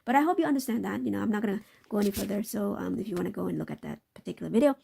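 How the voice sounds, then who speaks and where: A woman's voice: mid-range voice, racing, vocal fry, dark tone, a little hiss or hum. A woman hosting a live stream, commenting on market clips in a loose, repetitive way and often tagging her points with a question. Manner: talks in a loose, repetitive way with frequent tag questions. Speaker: livestream host.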